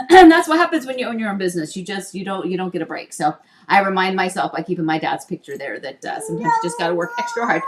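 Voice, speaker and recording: A middle-aged woman hosting a casual livestream from her home office desk, chatty and quick to laugh. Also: mid-range voice, wildly swooping pitch, slight background noise. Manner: chatty, laughs often, coos to a toddler. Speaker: livestream host.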